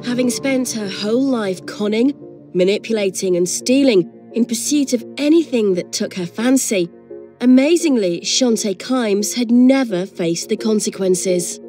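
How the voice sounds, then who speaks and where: A woman reading scripted documentary narration in a measured, even delivery. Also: fairly high pitch, soft background music.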